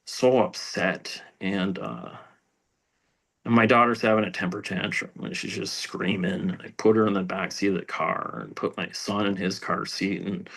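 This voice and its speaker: Rambling low-voiced man sharing his story. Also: animated, vocal fry, a bit bright. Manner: rambling, halting, with many fillers and restarts; emotional, drops to a whisper at painful moments. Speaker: speaker sharing recovery story. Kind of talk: personal testimony at a recovery meeting.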